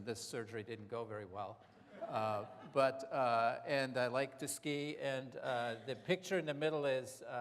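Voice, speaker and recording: A middle-aged man with a German accent giving a relaxed public lecture as a psychiatry professor, joking and using many filler words. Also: medium pitch. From Alps. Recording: lecture hall reverb.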